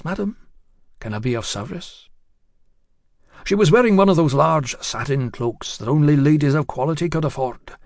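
A man narrating a story in the first person, in a measured, confiding way that speaks directly to the listener. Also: fairly high pitch, a little mellow, no room sound, studio quality.

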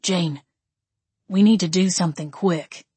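A woman's voice: fairly low pitch, a little slow, mellow, slightly rough, no echo. A woman voicing an older male vampire who speaks bluntly and matter-of-factly. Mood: grim urgency.

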